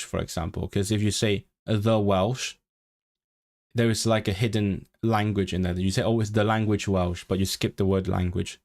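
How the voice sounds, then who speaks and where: Male streamer, lowish voice, casual self-interrupting study chatter on a home mic. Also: vocal fry, darkish tone. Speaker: language-learning streamer. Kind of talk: casual study livestream, reading aloud and musing.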